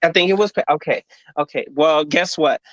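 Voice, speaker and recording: A man co-hosting a podcast, reviewing an episode in an animated, indignant rant. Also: a little high, fairly quick, dry recording. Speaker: podcast co-host. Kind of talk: casual review chat. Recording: dry, dull lo-fi sound.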